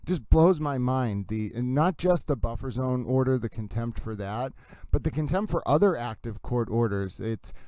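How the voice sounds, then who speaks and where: Male host, casual rambling commentator; mellow, resonant tone. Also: medium pitch, animated, moderate pace, no room sound. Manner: rambling, self-interrupting. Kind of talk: casual commentary on court videos.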